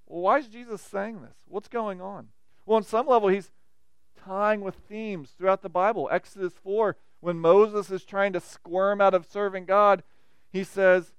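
A man's voice: sits high, fairly even intonation, measured pace, clean tone, no room sound. A man preaching a sermon, with dynamic emphasis and frequent questions to the listeners.

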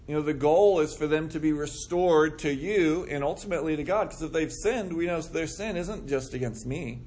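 Over slight background noise, a man with a slightly high voice talks briskly with few pauses. He's teaching a group Bible study in a casual, conversational way, acting out what others might say.

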